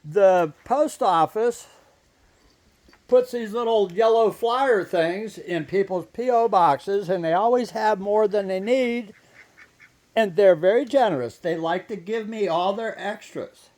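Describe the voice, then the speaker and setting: A man with a strikingly high voice, talking slowly and unhurriedly. He chats casually to the camera and coaxes his pet goose in a gentle, patient way. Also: no room sound. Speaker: vlogger and pet goose owner. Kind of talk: casual chat to camera and pets.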